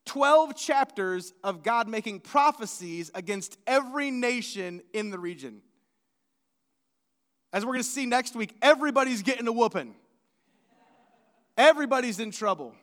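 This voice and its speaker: A man delivers a sermon in a strikingly high voice, earnest and conversational, stumbling and restarting his words now and then. His voice rings out with a long reverb from the church hall. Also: expressive, moderate pace, long pauses, fairly bright tone. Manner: earnest, with frequent restarts and stammers. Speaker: pastor.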